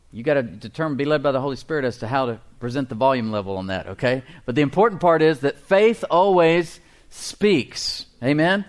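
A middle-aged pastor preaching a sermon, leading his congregation in call-and-response and reading scripture slowly with emphasis, chuckling between points. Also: medium pitch.

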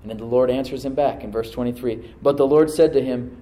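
A man preaching to a congregation, reading scripture aloud and then dropping to a soft voice to stress a point, calling for responses from the room. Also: mid-range voice, steady tone, brisk, roomy sound, rough recording. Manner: asks the congregation to answer back. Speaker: pastor. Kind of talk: sermon. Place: church service with a live congregation.

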